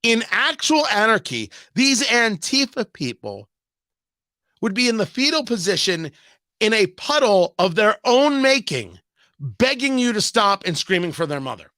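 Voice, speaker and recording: A man holds forth on his radio talk show, hammering his points with repetition and rhetorical questions. His voice sits high and swings widely in pitch, with a sharp, bright edge. He is close to the mic in a dry studio. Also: big pitch swings, measured pace, dry recording. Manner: emphatic, sarcastic, repetitive ranting with rhetorical questions. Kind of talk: political talk radio monologue.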